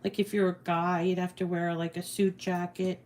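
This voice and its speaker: A middle-aged woman hosts a casual crafting tutorial for her channel, chatting and rambling as she works and often laughing at herself. Her voice sits fairly low with a darkish color, and she keeps a level tone at a normal speed.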